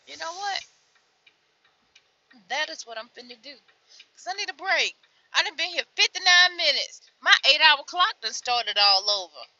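A young woman truck driver venting from her cab in a vlog, weary and frustrated, dropping to tired mutters and then flaring up loud. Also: sits high, lively intonation, moderate pace, pauses often, dull audio.

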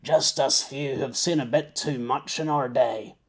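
Gravelly old mercenary, as a male narrator puts him on, gruff, blunt, weary, audiobook voice. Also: medium pitch, steady tone, unhurried. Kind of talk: audiobook character voice.

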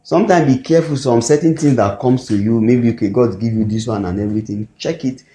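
A man with a Nigerian English accent preaching a sermon, often pausing to ask the congregation "what?" so they fill in the word. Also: mid-range voice, background noise. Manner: call-and-response, asks the congregation "what?" to fill in words. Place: church hall. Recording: echoey hall recording.

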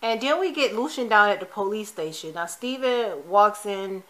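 A woman's voice: medium pitch, animated, moderate pace, fairly bright tone. A woman chatting casually as she recaps a TV episode, opinionated and quoting the characters as she goes. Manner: chatty, opinionated retelling of scenes; quotes the characters in passing. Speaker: TV recap vlogger.

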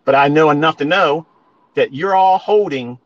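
A man's voice: fairly high pitch, normal speed, no room sound, dull audio. A man ranting at listeners on a live audio stream, profane and emphatic, repeating his points and calling them folks. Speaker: trading educator.

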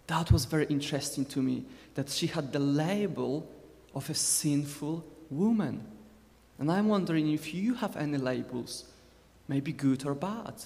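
A man's voice: a little high, unhurried, vocal fry, a little mellow, big-room sound. A man in his twenties with a Scottish Borders accent, preaching a conversational sermon with joking asides to the congregation. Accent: Scottish, Borders (Galashiels). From Scotland. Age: 20s. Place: church hall.

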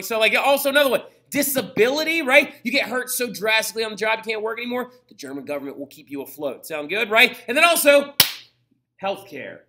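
High, bright, animated male history teacher. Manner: animated, joking, full of "right?" and quick put-on voices. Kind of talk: casual flipped-classroom lecture.

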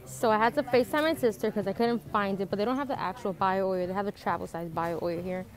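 A woman's voice: mid-range voice, fairly even intonation, fast talker. A young woman from the Dominican Republic vlogging casually on a handheld phone in stores and on the street, talking in a blunt, profane, chatty way. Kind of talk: casual vlog narration. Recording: phone audio with loud public background noise.

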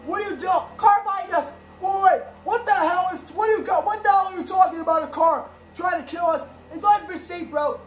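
A woman improvises a toy play, hopping between several character voices and breaking into shouts. Her voice sits very high, and the recording carries a roomy echo with faint noise underneath. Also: a little fast, few pauses. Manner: switches voices, bursts into shouts. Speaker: home video creator. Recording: echoey room with faint background noise.

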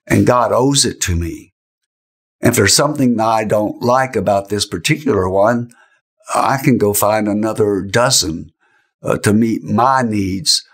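An older man, a guest preacher, tells a story in an emotional sermon with slow, emphatic phrasing. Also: on the low side, fairly bright tone.

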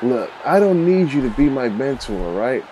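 A man's voice: medium pitch, sing-song, normal speed, mellow, a little hiss or hum, lightly acted, poor audio. A man voicing a young, self-assured male wrestler who flippantly turns down help. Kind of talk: video game role-play voiceover.

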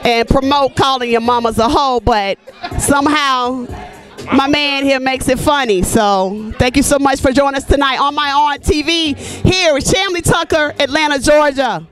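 A woman hosting a comedy show speaks in a very high, upbeat voice as she talks up her guest with enthusiasm. Faint music plays behind her. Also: normal speed, fairly bright tone. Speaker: show host. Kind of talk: backstage interview.

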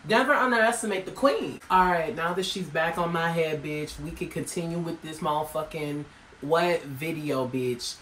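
A woman reacting to an album for her channel, loud and dramatic, swearing freely and exclaiming at every track. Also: sits low, moderate pace, a little hiss or hum. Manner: brash, profane, dramatic exclamations. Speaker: music reaction YouTuber. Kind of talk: music reaction vlog. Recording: roomy echo, faint music behind.

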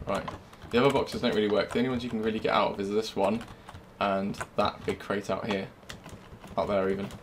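A young man giving live gameplay commentary, swearing constantly and swinging from low muttering to loud yelling. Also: background noise. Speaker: gamer. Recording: game music playing under the voice.

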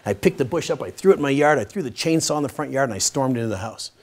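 A middle-aged man teaching a Bible study session, telling stories with lively energy and swinging from loud, emphatic lines to hushed ones. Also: mid-range voice, racing.

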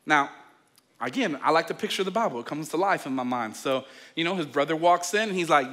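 A male pastor who preaches a sermon, tells the story in a lively way, and talks straight to his listeners. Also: fairly high pitch, fast talker. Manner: animated storytelling, acting out scenes; addresses listeners directly.

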